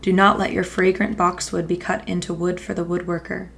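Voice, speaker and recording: A woman's voice: on the low side, level tone, a little fast, creaky, fairly bright tone, slight background noise. A woman voicing a pleading loyal servant. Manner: pleading, repetitive appeals. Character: loyal female servant pleading for her queen.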